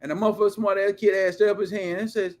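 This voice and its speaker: A man hosting his own show, ranting casually in a loud, blunt, profane way with heavy slang. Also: sits high, fairly even intonation, fast. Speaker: show host.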